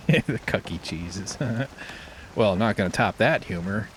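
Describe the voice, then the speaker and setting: A man's voice: lowish voice, animated, slow pace, slight background noise. A man streaming a survival game who rambles in casual commentary, swearing freely and joking at his own expense. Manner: rambling, swears freely, self-deprecating jokes.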